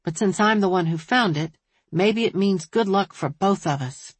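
A woman's voice: mid-range voice, moderate pace, husky, no room sound, natural voice. A woman voicing an earnest businesslike man. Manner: earnest and persuasive.

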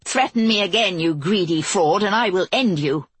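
A woman voicing a defiant young queen who speaks in a sharp, scornful, commanding way. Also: on the low side, sing-song, normal speed, husky, dry recording.

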